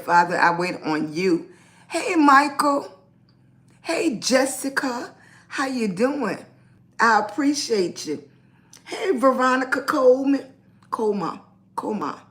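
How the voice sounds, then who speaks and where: A woman hosting a casual livestream, greeting viewers by name and speaking upbeat, affirming words of encouragement. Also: a little high. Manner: motivational, speaks positive affirmations. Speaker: lifestyle blogger hosting a livestream. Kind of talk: casual live-stream chat.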